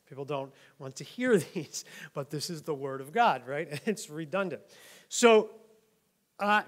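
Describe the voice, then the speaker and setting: A pastor from New York preaching a conversational sermon, often laughing and checking in with "right?". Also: male voice, a little high. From New York, USA. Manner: chatty, laughs often, keeps asking "right?".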